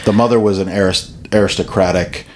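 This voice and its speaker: A man co-hosting a podcast, chatting casually about a movie with a halting, animated delivery and frequent restarts. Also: sits low, a little hiss or hum. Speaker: podcast co-host. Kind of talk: casual movie review chat.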